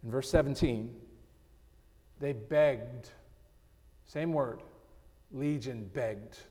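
A male pastor preaching a sermon, swinging between loud, emphatic passages and hushed, slowed-down lines. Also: mid-range voice. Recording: long hall reverb.

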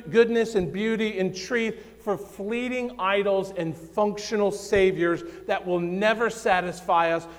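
Slow, fervent preacher in a reverberant hall. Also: male voice. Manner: dramatic swings between loud emphasis and hushed low phrases. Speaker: pastor. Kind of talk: sermon.

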